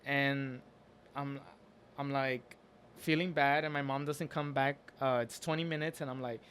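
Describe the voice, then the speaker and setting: A man's voice: mid-range voice, steady tone, a bit bright, a little hiss or hum. A man casually telling a story about something he went through, earnest and open, often stopping to restart his sentences. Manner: halting, with frequent restarts and fillers. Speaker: storyteller recounting a personal experience.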